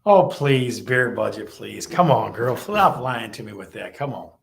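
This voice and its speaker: A man hosting a live stream, teasing viewers and repeating his questions to the chat in a lively way. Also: medium pitch, measured pace, creaky.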